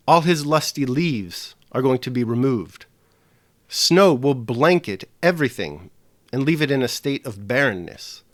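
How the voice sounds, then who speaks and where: Brief: an animated male lecturer, mid-range pitch, scripted and explanatory. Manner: explanatory, with emphatic stresses. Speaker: literature teacher. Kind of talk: scripted lesson narration.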